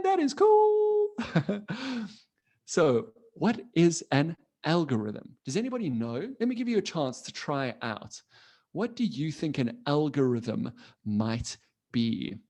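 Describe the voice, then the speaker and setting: A male teacher running a live online coding lesson for young children, talking into his computer microphone. His voice sits a little high and bounces all over the place, playful and animated as he fires questions at the kids and jokes along with them.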